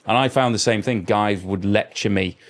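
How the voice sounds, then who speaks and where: A man's voice: on the low side, normal speed. A middle-aged man co-hosting a podcast, chatting casually in a rambling, anecdotal way with plenty of swearing. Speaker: podcast co-host. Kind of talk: casual chat.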